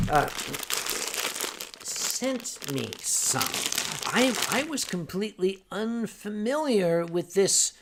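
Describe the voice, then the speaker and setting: Older male stream host, unhurried and rambling, gravelly tone, lively swoops in pitch. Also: noisy background. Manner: rambling, wry, with frequent fillers and restarts. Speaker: livestream host. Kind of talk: casual chat reading viewer comments.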